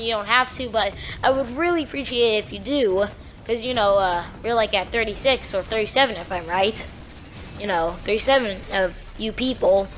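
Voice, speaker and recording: A woman casually telling a true story on her vlog in a rambling, slangy, animated way. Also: on the high side, a little hiss or hum.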